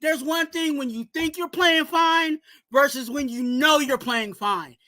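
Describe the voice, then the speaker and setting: High, bright-voiced ranting fan-show man. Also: a little slow, dry recording. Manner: heated, shouty ranting with repeated "you know what I'm saying". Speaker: host of a fan sports show. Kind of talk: casual sports talk, ranting segment.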